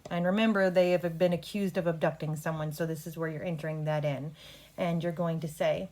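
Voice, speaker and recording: A woman coaching an actor through a play rehearsal in a brisk, instructive way, talking through cues and line readings. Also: on the low side, fairly even intonation, darkish tone. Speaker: drama coach.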